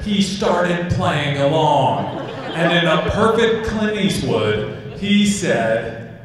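A man's voice: a little high, animated, very slow, crowd noise. A man doing a stand-up comedy set, telling a story and acting out the voices in it. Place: large hall with a live audience. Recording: echoey hall recording from far off.

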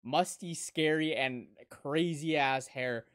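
A young woman hosting an anime reaction, talking over the episode with excited, profanity-laced outbursts. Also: low-pitched, takes it slowly. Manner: excitable, swears a lot, loud sudden outbursts. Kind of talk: live reaction commentary.

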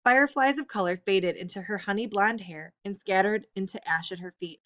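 A woman reading an audiobook, telling the story in a steady, expressive way. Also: mid-range voice, brisk, muffled recording. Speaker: audiobook reader. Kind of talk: audiobook narration.

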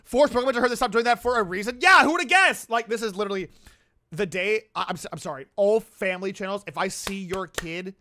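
A man hosting a casual reaction video who talks in an excitable, rambling way. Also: high-pitched, fast talker. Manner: excitable and rambling, with frequent outbursts.

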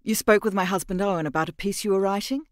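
A raised, breathless society wife, as a male narrator puts her on, pushing her words out high and urgent. She sounds worried and pressed for time, read close in a dry, dead booth. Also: quick pace, dry recording, close to an everyday voice. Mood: anxious. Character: anxious, breathless middle-aged society wife.

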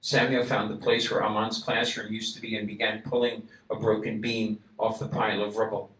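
Rabbi preaching in an echoey room. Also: male voice, fairly low pitch, flat delivery, fairly quick. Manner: acts out quoted voices, builds to loud emphatic climax. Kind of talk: sermon storytelling. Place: synagogue. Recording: echoey room, voice a bit distant from mic.

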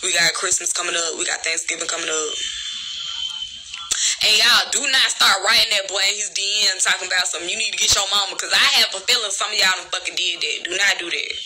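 A young woman from Birmingham, Alabama, speaking to her followers as an influencer in a blunt, profane, emphatic rant. She swings between loud outbursts and low murmurs. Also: fairly quick, background noise. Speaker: social media influencer. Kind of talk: candid vlog rant to followers.

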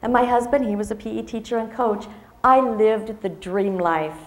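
Expressive woman in her fifties, echoey room. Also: fairly high pitch, normal speed. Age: 50s. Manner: expressive storytelling, acting out dialogue. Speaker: motivational speaker. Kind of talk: personal story speech to an audience.

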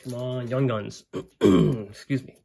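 A man hosting a casual box-opening video, sounding stuffy and congested, clearing his throat now and then. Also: medium pitch, a little hiss or hum. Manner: relaxed, unhurried, clears throat often. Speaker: card-collecting channel host.

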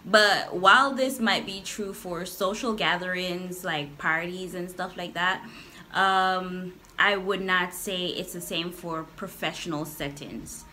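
A woman's voice: lowish voice, steady tone, slow, sharp tone, slight background noise. A young Jamaican woman with a Jamaican accent, chatting casually to a phone camera in a vlog, laughing and playfully emphatic. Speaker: vlogger. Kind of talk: casual talking-head vlog.

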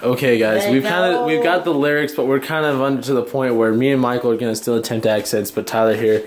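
A man's voice: medium pitch, fast, crowd noise. A man hosting a casual vlog, chatty and self-mocking as he jokes with friends. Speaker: vlog host. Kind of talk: casual chat.

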